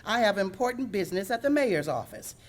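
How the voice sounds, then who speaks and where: A woman voicing a crafty old male goose who puts on a broken French accent, fussy and flattering. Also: mid-range voice, fairly quick, voice pushed up, lightly acted. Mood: haughty. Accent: broken French, put on.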